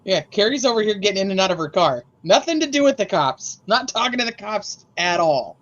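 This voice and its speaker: A woman's voice: mid-range voice, big pitch swings, brisk, highs cut off. A woman co-hosting a casual chat over a video call, giggly as she tells funny stories about her family. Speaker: co-host.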